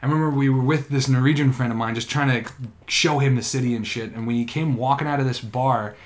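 A man in a loose podcast conversation, spinning a long, profane story with plenty of hedges and restarts. His voice sits at an ordinary middle pitch, neither deep nor high. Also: fairly even intonation, brisk. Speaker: podcast co-host or guest. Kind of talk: casual podcast chat.

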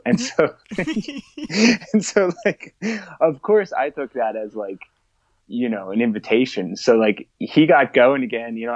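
A man's voice: mid-range voice, no room sound. Laughing, swearing man telling stories. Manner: animated storyteller, laughs often, swears freely. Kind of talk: casual chat. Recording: dull, dry lo-fi sound.

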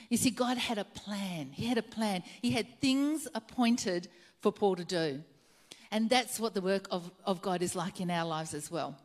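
A woman preaching a sermon, retelling a story earnestly and repeating her key phrases for emphasis. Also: medium pitch.

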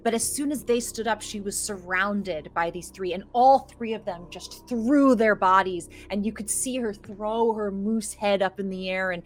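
Lively woman game master narrating. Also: mid-range voice, moderate pace, few pauses. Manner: lively, playful storytelling.

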